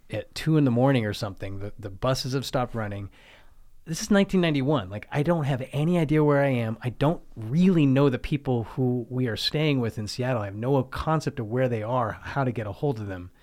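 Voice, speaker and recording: A middle-aged man on a podcast, rambling through a profane personal anecdote in casual chat. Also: mid-range voice. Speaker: podcast guest or co-host. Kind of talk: casual storytelling.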